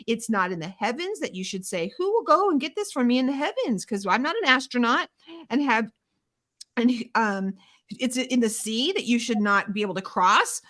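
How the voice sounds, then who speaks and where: A middle-aged woman hosts a Torah study show, leading a casual faith discussion. Chatty and self-deprecating, she acts out little prayers and inner dialogue as she goes. Her voice is a little high, animated and fairly bright, at normal speed.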